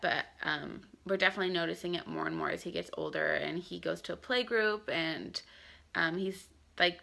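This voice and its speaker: A young woman talks casually to the camera from her home, rambling with plenty of ums and likes. Her voice is bright and carries a gravelly fry, sitting a little low for a woman. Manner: chatty, with many ums and likes. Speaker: vlogger and mother. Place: home, indoors.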